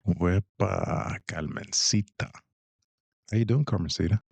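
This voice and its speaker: A man's voice: fairly low pitch, expressive, moderate pace, a little mellow, no echo. A man hosting a podcast in a casual, laid-back way, with loose filler words. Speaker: podcast host. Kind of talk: casual chat.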